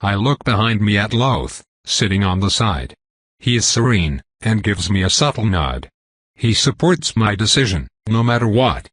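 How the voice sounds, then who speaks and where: A man reading a first-person novel aloud in a measured, even way. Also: fairly low pitch, no echo. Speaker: audiobook reader.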